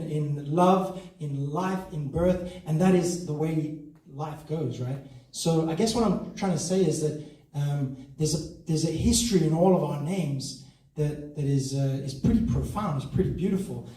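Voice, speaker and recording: A man working a theatre crowd with a stand-up set, his voice a touch high for a man. He is loose and self-mocking and laughs at his own lines. The sound bounces around the hall and comes from some way off the mic. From South Africa. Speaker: stand-up comedian. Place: theatre stage before a live audience. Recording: echoey hall from far off.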